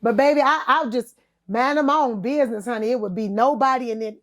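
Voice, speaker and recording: On the podcast, the woman, a singer and talk show host, speaks briskly with a voice on the high side. Calling the listener baby and honey, she spins candid, slangy stories, laughing and animatedly performing other people's lines.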